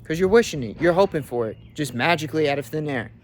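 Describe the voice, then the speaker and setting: A man's voice: on the high side, animated, fast, a little hiss or hum. A young man, a fitness coach, giving a brash, profane motivational rant from his car.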